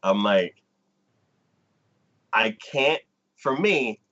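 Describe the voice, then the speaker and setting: Male co-host, casual stream chat, unhurried and halting; muffled lo-fi recording. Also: on the low side, expressive, a bit bright. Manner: hesitant, with many fillers, laughs often. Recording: dull lo-fi stream sound.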